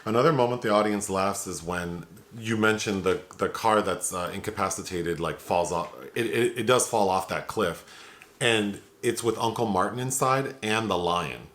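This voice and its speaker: A man's voice: lowish voice, normal speed, a bit bright. A man hosting a film review podcast, chatting casually with fillers and laughter. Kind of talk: casual chat.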